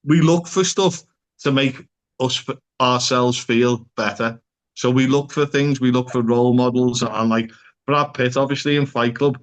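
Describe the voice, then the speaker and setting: A Liverpool-accented man talks through ideas in an easygoing podcast chat. His voice sits at an average pitch. He rambles and strings thoughts together with "like" and casual swearing. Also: moderate pace. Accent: Liverpool (Scouse). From Liverpool, England. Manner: rambling, peppers speech with "like" and swearing. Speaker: psychotherapist guest.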